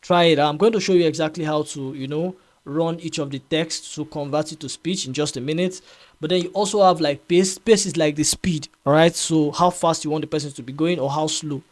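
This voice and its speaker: Chatty man walking through a software tutorial. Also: on the high side, steady tone, brisk. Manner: chatty, repeats himself, frequent fillers and "right?" checks. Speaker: tutorial host. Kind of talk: casual screen-recorded software tutorial.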